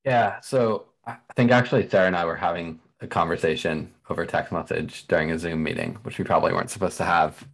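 Fast-talking deep-voiced man. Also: creaky, fairly bright tone, low-quality recording. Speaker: podcast co-host. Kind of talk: casual podcast chat.

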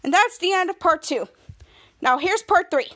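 A woman's voice: very high-pitched, expressive, moderate pace, pushed and bright. A woman hosting a podcast, casually recapping a TV episode in a rambling way, repeating herself and restarting her sentences. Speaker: podcast host.

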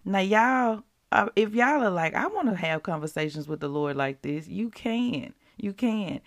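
A woman's voice: mid-range voice, animated, unhurried, no room sound, clean studio sound. A woman hosting a devotional podcast, chatting casually and asking the listeners rhetorical questions.

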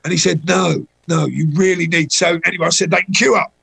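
Speaking briskly over poor audio, a middle-aged man tells anecdotes as a guest in a laid-back conversation. His husky, gravelly voice runs slightly high for a man, and he livens up by imitating the people he describes.

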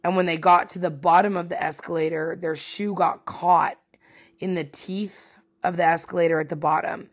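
A woman's voice: on the low side, moderate pace. Chatty, foul-mouthed woman podcast host. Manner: chatty, swearing, self-mocking and animated. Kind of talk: casual solo podcast monologue.

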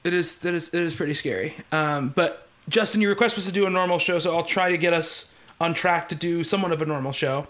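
High-voiced man rambling through a story. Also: fast talker, fairly bright tone. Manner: rambling storyteller, many fillers and restarts. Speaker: podcast host. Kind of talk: casual podcast chat.

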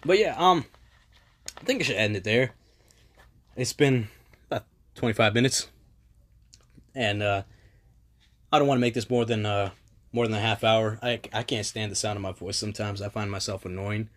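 A man's voice: lowish voice, moderate pace, pauses often, a bit bright. Rambling, self-deprecating young man. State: strained voice. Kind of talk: casual solo monologue.

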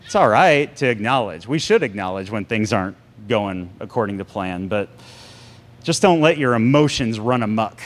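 A man preaching a sermon to a congregation, animated and sarcastic, with big swings in pitch. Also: normal speed. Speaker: pastor.

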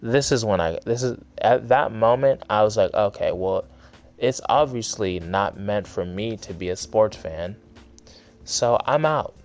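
A man's voice: lowish voice, animated, a little slow, soft background music. A young man hosting his own podcast, delivering an angry, sarcastic, profanity-heavy solo rant. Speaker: podcast host.

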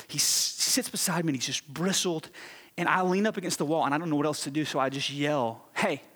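A man preaching a sermon as a pastor, telling a story in an animated, self-mocking way with quick restarts. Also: a little high, slightly rough, long reverb tail. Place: church sanctuary.

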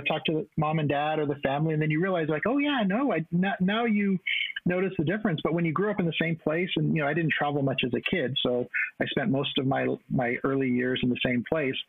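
A man's voice: on the high side, gravelly, dry recording. A man from the US-Mexico border in Texas, co-hosting a casual chat and speaking with many restarts and fillers. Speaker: co-host. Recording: tinny phone-like line.

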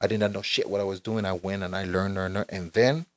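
A man's voice: lowish voice, quick pace, dry recording. Profane storyteller man saying "bro". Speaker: guest. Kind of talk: casual storytelling.

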